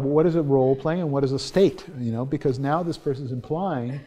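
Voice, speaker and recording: A man's voice: mid-range voice, a little fast, hardly any pauses, mellow. A middle-aged man giving a university lecture in a conversational, anecdotal way, often restarting his sentences.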